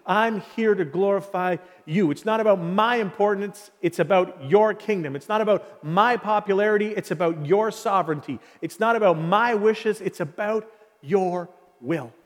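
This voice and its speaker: High-voiced preacher with long reverb. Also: male voice. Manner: passionate preaching with dramatic pauses and repetition. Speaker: pastor. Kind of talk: sermon.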